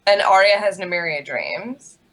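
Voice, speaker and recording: A woman's voice: medium pitch, moderate pace, fairly bright tone, rough recording. A young woman co-hosting a casual recap chat, making dry, teasing quips. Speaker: podcast co-host.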